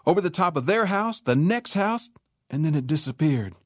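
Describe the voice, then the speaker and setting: A man spins a folksy story with a lively, swooping voice. He talks in a dry, close setting and acts out each person as he goes. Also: fairly high pitch, normal speed, dry recording. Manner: animated, acts out characters.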